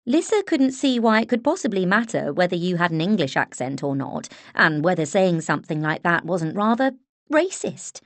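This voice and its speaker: Woman audiobook narrator, unhurried and expressive, lower voice, dry close sound. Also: no room sound. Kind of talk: scripted narration.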